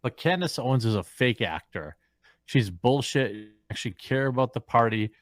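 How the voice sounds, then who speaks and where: A man's voice: medium pitch, lively intonation, normal speed, dry recording, studio quality. A drunk man ranting bluntly and crudely on a livestream. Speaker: streamer.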